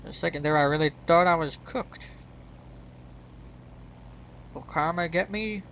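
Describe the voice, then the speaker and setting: A man's voice: fairly high pitch, measured pace, creaky, fairly bright tone, dull audio, slight background noise. An American man hosting his gaming channel, rambling through casual gameplay commentary and chuckling at his own mistakes. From United States.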